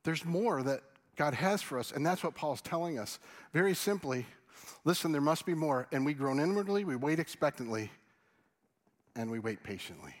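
A man preaching a sermon and leading a prayer as pastor, earnest and pleading, his voice dropping soft and low as he prays. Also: normal speed. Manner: animated, rising questions to the congregation.

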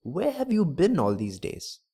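A man's voice: mid-range voice, lively intonation, moderate pace, darkish tone, husky. A man voicing a kind-hearted market ribbon seller who speaks earnestly. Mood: eager. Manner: earnest, pleading.

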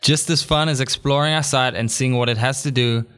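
A man's voice: medium pitch, steady tone, a little fast, fairly bright tone, smooth. A young adult man from England, hosting a solo podcast in an upbeat, chatty way with jokey asides. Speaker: podcast host.

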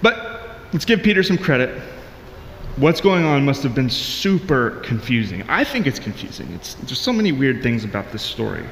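A man's voice: mid-range voice, very animated, moderate pace, vocal fry, a bit bright, echoey room, in a large hall, a little hiss or hum. A married man giving a conversational, earnest sermon as a pastor, with frequent restarts.

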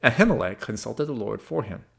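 A man doing a sly, quiet informer. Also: medium pitch, very animated, a little fast, gravelly. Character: sly male informer betraying others.

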